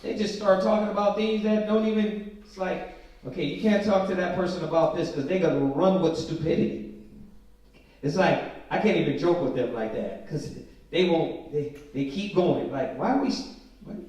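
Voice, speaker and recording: A man with a fairly high voice leads an informal scripture study, stretching out the verses and then riffing on them in loose street talk. He sounds set back from the mic, and the large room around him rings with heavy echo. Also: darkish tone. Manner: slow emphatic scripture reading mixed with casual slangy commentary. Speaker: Bible study teacher. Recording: very echoey room from a distant mic.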